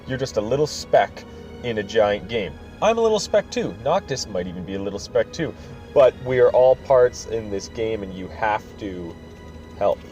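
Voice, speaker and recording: A man's voice: on the low side, expressive, normal speed, darkish tone, soft background music. A man hosting a podcast, recapping a story casually with rambling, self-correcting asides, on a slightly dull recording with faint noise. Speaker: podcast host.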